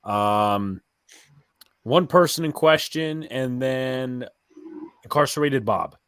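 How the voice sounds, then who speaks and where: A man's voice: medium pitch, slow, fairly bright tone, clear, resonant tone, no echo. A man co-hosting a sports stream, talking in a dry, offhand way. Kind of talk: casual sports chat.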